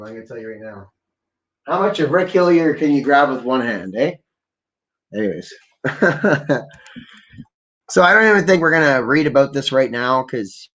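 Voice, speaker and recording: A man's voice: mid-range voice, expressive, moderate pace, long pauses, fairly bright tone. Guy ranting on his stream, swearing nonstop, rambly and pissed off, kinda muffled lo-fi audio. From Ontario, Canada. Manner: angry, profanity-laden, rambling. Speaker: livestream host. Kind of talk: profane ranting commentary.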